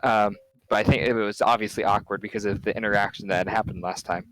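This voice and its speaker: A man's voice: on the low side, steady tone, fast talker, a bit bright, no room sound, low-quality recording. A young man co-hosting a podcast in casual chat, laid-back, saying "dude" and laughing easily. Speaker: podcast co-host.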